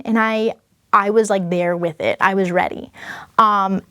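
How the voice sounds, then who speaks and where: A woman's voice: medium pitch, fairly even intonation, a little slow, pushed and bright, clean tone, dry recording, clean studio sound. A young woman telling a personal story in a casual, chatty way, full of fillers and self-conscious asides. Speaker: vlogger.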